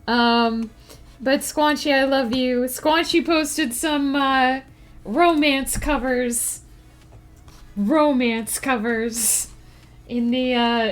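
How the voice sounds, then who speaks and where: A woman's voice: sits high, fairly bright tone. A woman streamer chatting casually with her live chat, reacting to messages and laughing often. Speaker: streamer and writer.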